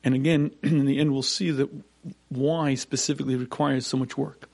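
A man giving a Torah lecture as a rabbi, clearing his throat often and repeating points for emphasis. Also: medium pitch, fairly even intonation, normal speed, darkish tone.

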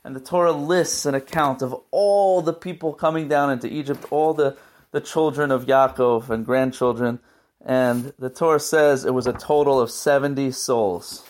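A man's voice: mid-range voice, fairly even intonation, moderate pace, a little mellow. A man giving a weekly Torah portion talk as a teacher, telling the story in an earnest, emotional way.

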